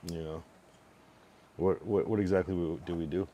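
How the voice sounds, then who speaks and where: A man casually chatting on his live stream, rambling and relaxed, with a lot of fillers and swearing. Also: deep voice, normal speed, slight background noise. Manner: laid-back, rambling, heavy use of fillers and swearing.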